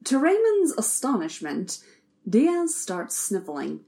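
A woman reading a story aloud as narrator, in an even, measured way. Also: on the high side. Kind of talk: audiobook narration.

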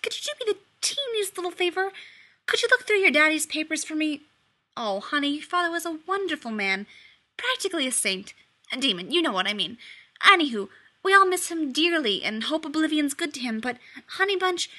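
An oily, fawning little male demon who coos pet names and covers his nerves with fake cheer, as a woman puts him on. The voice sits high and bright, pushed louder than the narration. He wheedles and flatters in a storybook reading. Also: normal speed, exaggerated voice. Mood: sugary.

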